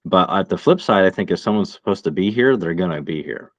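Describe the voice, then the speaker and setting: A man's voice: low voice, animated, fairly quick, no room sound. Laid-back man on a casual podcast. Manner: laid-back, laughs often, uses fillers. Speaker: podcast co-host.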